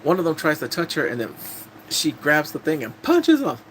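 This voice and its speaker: A young man casually recapping episodes of a drama, telling it in an animated, blunt way with casual swearing. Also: fairly high pitch, normal speed, a little hiss or hum.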